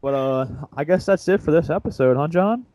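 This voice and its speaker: A man's voice: fairly high pitch, fairly quick, darkish tone, lo-fi sound. A young man co-hosting a casual sports podcast, retelling a story in a rambling, self-mocking way. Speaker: podcast co-host.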